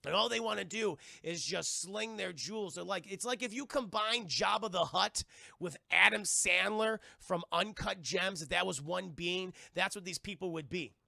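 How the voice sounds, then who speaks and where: A man's voice: sits high, moderate pace, gravelly, sharp tone, no room sound, studio quality. A man who streams cartoon reviews, recapping an episode in a rambling, profane way and addressing his chat. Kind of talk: casual livestream episode recap.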